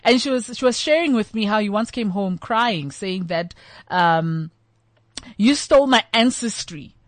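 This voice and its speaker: A middle-aged woman with a South African accent, chatting and telling stories in an animated way, acting out the people she quotes. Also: medium pitch, moderate pace, no echo. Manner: animated storyteller, acts out quoted voices. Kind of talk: casual chat.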